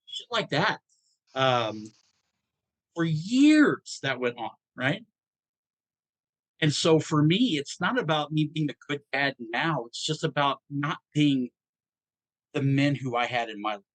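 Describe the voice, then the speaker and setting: Middle-aged dad from georgia, halting heavy story, lots of restarts, dry close mic. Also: male voice, mid-range voice, expressive, dry recording. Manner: halting, many restarts, emotional. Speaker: podcast host. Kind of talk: candid personal storytelling.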